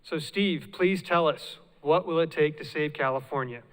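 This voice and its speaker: A man reads a formal introduction as the event host, measured and even. His voice is smooth and resonant, a touch high. The sound rings with a long reverb from a large hall. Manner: formal, measured, read from a script. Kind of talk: scripted introduction. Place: large hall with a live audience.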